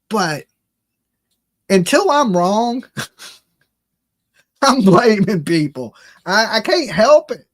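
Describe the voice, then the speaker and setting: A man's voice: high voice, fairly bright tone. Blunt opinionated middle-aged man. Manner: blunt, opinionated, talks straight to chat. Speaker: true crime livestream host. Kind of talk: casual livestream commentary.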